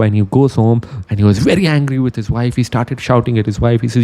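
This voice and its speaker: A man giving a motivational talk, telling a story in an animated way and acting out the characters' quoted words. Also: mid-range voice, fast talker, few pauses. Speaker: motivational speaker.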